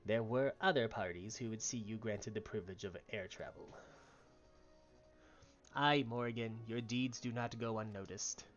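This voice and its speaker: A man's voice: fairly low pitch, normal speed, muffled recording, faint music behind, natural voice. A man voicing a stern female admiral in a video game, speaking in grave, formal, old-fashioned phrasing. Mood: solemn. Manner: grave, formal, archaic speech.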